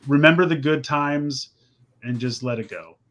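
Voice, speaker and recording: A man co-hosting a live stream in a sarcastic, ranting tone, with his voice sitting a bit high. Other people chatter in the background of the stream. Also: normal speed, fairly bright tone. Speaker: podcast co-host. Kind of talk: casual live-stream chat.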